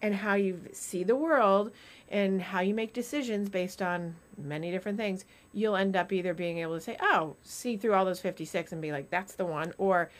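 A middle-aged woman hosts a casual podcast chat. She talks in an animated way, quick to explain a point and to tease. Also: fairly low pitch. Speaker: podcast host.

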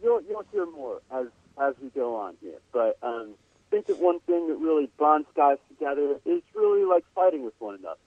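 A man's voice: a little high, wildly swooping pitch, brisk, vocal fry, no echo. A young man, a guest musician, telling a rambling college story with laughs and fillers. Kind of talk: casual storytelling. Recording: tinny phone line, dry.

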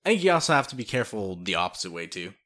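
A man's voice: on the low side, very animated, very fast, sharp tone. A man co-hosting a casual podcast chat, laid-back, swearing and chiming in with agreement. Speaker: podcast co-host.

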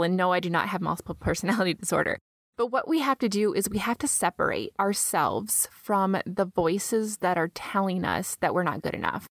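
A woman with a lowish voice hosts a motivational podcast. She speaks earnestly and encouragingly, straight to her listeners. The recording is dry and close, with no room sound. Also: dry recording. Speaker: podcast host.

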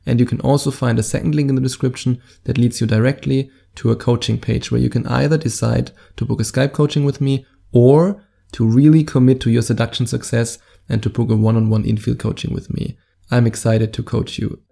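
A man's voice: mid-range voice, fairly even intonation, brisk, gravelly, warm tone. A man with a German accent, speaking directly to the camera as a dating coach in an upbeat, salesy way with playful asides.

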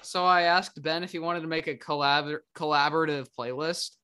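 A man's voice: a little high, steady tone, a little fast, crowd noise. A man co-hosting a podcast, joking and bantering in casual chat. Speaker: podcast co-host.

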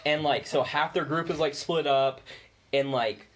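A man's voice: fairly high pitch, a little slow. A young man co-hosting a podcast, telling a long story in casual chat, rambling with lots of "like" and swearing. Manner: rambling, heavy use of "like", swearing. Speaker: podcast co-host.

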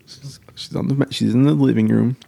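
A man's voice: mid-range voice, steady tone, fairly quick, creaky, mellow. A man in casual comedic chat, spinning absurd hypotheticals and laughing between lines.

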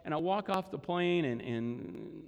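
A man's voice: on the high side, lively intonation, measured pace, a little mellow, clear, resonant tone, muffled recording. A man, preaching and telling a story conversationally to his congregation. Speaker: pastor. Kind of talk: sermon storytelling. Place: large church hall. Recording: long hall reverb.

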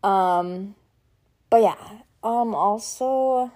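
A woman's voice: medium pitch, extremely slow, mellow. A young woman vlogging in a casual, chatty, sentimental way, full of likes and ums. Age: young adult. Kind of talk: casual chat.

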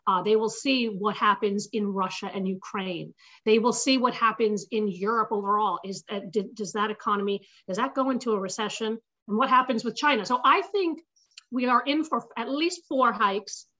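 A woman's voice: medium pitch, moderate pace, bright, forceful tone. A woman, a guest investment strategist, explaining the markets confidently in an interview.

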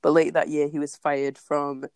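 A woman's voice: low voice, level tone, moderate pace, a little mellow, clear, resonant tone, no room sound. A woman co-hosting a podcast in casual chat, laughing often as she tells the story. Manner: giggly, laughs often between lines. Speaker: podcast co-host.

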